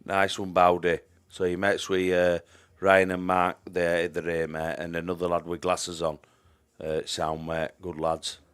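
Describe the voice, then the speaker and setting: A man's voice: deep voice, monotone, measured pace, fairly bright tone, smooth. A man giving chatty live-stream commentary on a pool match, greeting viewers by name and trailing off into mumbled asides.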